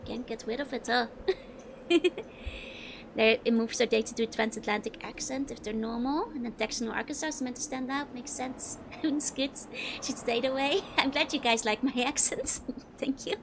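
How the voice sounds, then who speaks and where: A woman's voice: a little high, steady tone, normal speed, gravelly, background noise. A young Dutch woman with a Dutch accent, chatting casually and giggling as she streams a game and answers her chat. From Netherlands.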